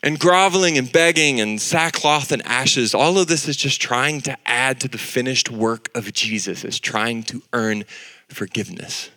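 Animated storytelling male pastor. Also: mid-range voice, moderate pace. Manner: animated storytelling, acting out voices. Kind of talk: sermon with a personal story.

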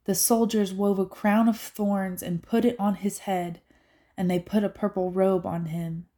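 A woman reading scripture aloud in a medium-pitched voice. Her delivery is steady and clear. She keeps an even, narrating pace. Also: unhurried. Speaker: scripture reader.

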